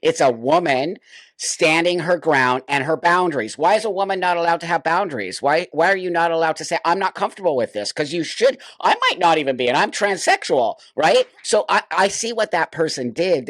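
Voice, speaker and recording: A man's voice: fairly high pitch, expressive, fairly quick, a bit bright, dry recording, studio quality. A man hosting an interview, emphatic and affirming, with many short backchannels. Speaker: host, interviewer. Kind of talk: conversational interview.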